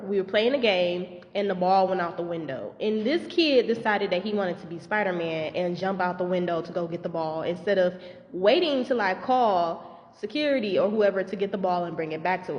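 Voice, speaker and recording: A woman recounts a classroom mishap in a lively vlog storytime, swearing freely and acting out the shouting. Her voice sits at an ordinary middle pitch. The recording sounds dull and lo-fi, with a long echo hanging in the room. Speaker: teacher. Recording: echoey, dull lo-fi audio.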